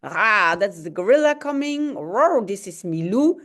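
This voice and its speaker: A woman from Belgium whose first language is Dutch, teaching by reading a comic aloud and translating it slowly, with sound effects. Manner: animated, explains slowly, adds sound effects like roars and booms.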